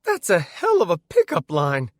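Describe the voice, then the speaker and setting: A man voicing a cocky young male gamer hero in an audiobook, loud and joking. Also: a little high, huge pitch swings, moderate pace, no room sound, clean studio sound, voice pushed up.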